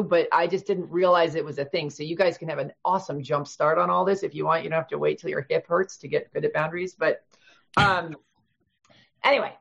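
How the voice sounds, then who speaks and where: A woman in her fifties, an author guest chatting casually in an interview, talkative and quick to laugh, with many restarts. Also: low-pitched, creaky, husky, lo-fi sound. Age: 50s.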